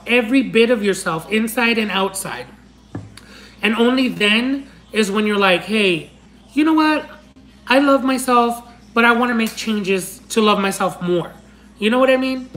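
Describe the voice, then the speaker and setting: Mid-range and fairly bright, this young woman's voice comes through a rough recording. Hosting a laid-back livestream with Spanish as her first language, she reads fan messages tenderly, uses honey and my love, and chats on with restarts and laughter.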